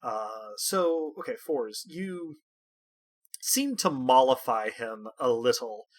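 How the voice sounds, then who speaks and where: A man's voice: medium pitch, very animated, slow. A man narrating a tabletop game as game master, wry and dotted with hesitant fillers.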